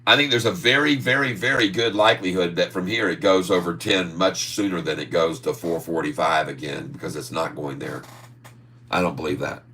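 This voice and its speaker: This deep-voiced man with a sharp tone hosts an easygoing livestream on stock trading, voicing viewer comments as he goes. He chuckles a lot and drawls out homespun side remarks.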